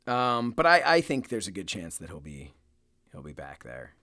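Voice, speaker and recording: A man's voice: low-pitched, sing-song, moderate pace, sharp tone, no room sound, studio quality. A young man co-hosting a podcast in casual chat, who laughs often and rambles with plenty of fillers. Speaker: podcast co-host.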